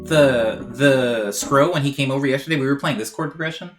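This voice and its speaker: A man's voice: mid-range voice, a little fast. A man chatting casually on a live music stream, rambling and self-deprecating as he reads out chat messages.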